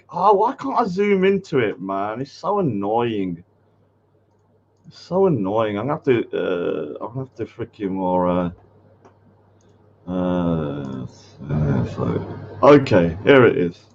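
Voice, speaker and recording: A man's voice: mid-range voice, lo-fi sound. A man hosting a casual livestream, rambling with lots of fillers and getting easily annoyed. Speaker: host.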